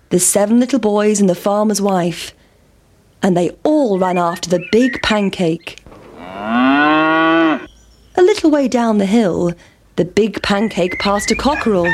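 Slow woman reading a children's story. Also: medium pitch, darkish tone. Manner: slow, clear storybook delivery.

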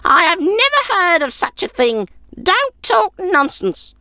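A man putting on a sour, shrill old woman. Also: wildly swooping pitch, unhurried, bright, forceful tone, dry recording, studio quality, heavily acted. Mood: scornful. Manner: snappish, scornful. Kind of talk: storybook character voice.

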